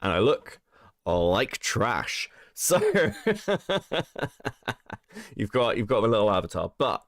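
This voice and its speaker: A man hosts a casual livestream, his voice roughened by a cold. He swears freely and laughs often as he reads chat aloud, his pitch swinging up and down. The sound is dry and close to the mic. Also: sing-song, slow, long pauses, fairly bright tone, no room sound. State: sick, rough voice. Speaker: streamer host.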